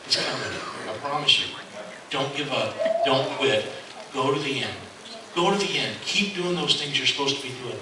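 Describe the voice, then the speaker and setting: A man's voice: mid-range voice, expressive, moderate pace. A man giving an earnest motivational speech to a live audience, repeating his key lines and mixing in joking stories. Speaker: motivational speaker. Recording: echoey hall from far off, noisy.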